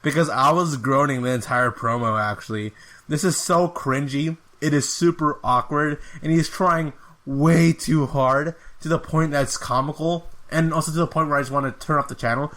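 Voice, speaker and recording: A man's voice: fairly high pitch, a bit bright. A man hosting a casual fight review podcast, recapping in an exasperated, sarcastic way and laughing at the awkward moments. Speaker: podcast host.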